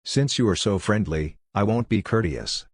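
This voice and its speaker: A man's voice: on the low side, expressive, moderate pace, breathy edge, no echo, studio quality. A man voicing a smug, greedy male dog with a cocky, self-satisfied manner in an audiobook. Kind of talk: audiobook character reading.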